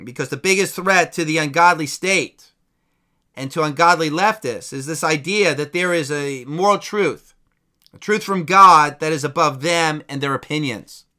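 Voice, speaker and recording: A man's voice: a little high, normal speed, bright, forceful tone. A male preacher giving an emphatic, combative sermon.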